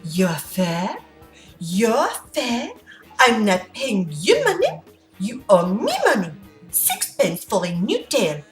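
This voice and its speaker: A woman's voice: medium pitch, huge pitch swings, slow. A woman putting on a grumpy French-accented cat. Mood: demanding. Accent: mock French. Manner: stiff, clipped, robotic. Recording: roomy room, distant mic, faint music.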